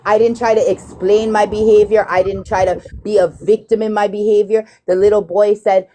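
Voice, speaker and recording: A woman's voice: medium pitch, brisk, few pauses, mellow. A woman in her thirties hosting a live stream, talking bluntly and profanely as she retells a dispute. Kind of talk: heated casual live chat.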